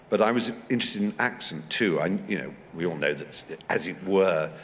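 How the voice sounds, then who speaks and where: A man in his fifties with an English accent, telling anecdotes on stage with animated asides. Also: deep voice. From England. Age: 50s. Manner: anecdotal, animated, mimics voices in quotes. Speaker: festival speaker. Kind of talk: onstage talk with audience. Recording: hall reverb, faint noise.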